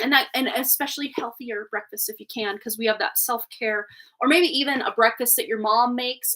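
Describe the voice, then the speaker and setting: High-voiced woman hosting a chatty livestream. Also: pushed and bright. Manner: chatty and affectionate, with lots of little laughs. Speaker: tarot reader and livestream host. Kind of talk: casual livestream chat.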